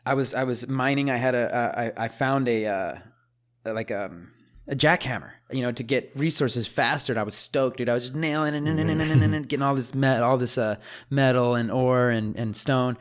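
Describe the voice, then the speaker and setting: A man hosting a casual gaming podcast, telling stories in an animated way, swearing and laughing often. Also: medium pitch, a little fast. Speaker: podcast host.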